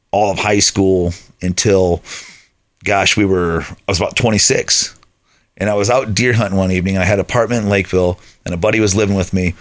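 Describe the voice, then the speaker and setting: Man, 30s, low voice. Podcast guest recounting his life in a casual storytelling manner. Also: a bit bright. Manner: conversational storyteller, acts out friends' voices.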